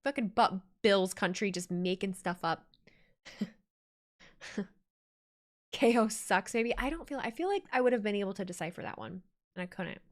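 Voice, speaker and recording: A woman's voice: medium pitch, expressive, normal speed, pauses often. A woman live-streaming her reaction to a wrestling show, chatting casually, laughing often and reading viewer messages aloud.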